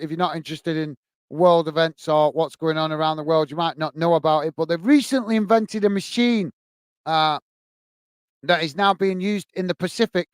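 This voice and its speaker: High-voiced chatty English man. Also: clean tone, no room sound. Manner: chatty, apologetic, says mate often. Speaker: host reading live chat. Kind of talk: casual live-stream chat.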